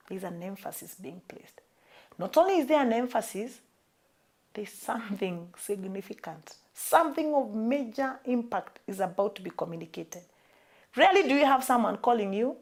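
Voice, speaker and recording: A woman's voice: mid-range voice, a little mellow. A woman with a Kenyan accent preaching a sermon, emphatic and repeating her key phrases for weight.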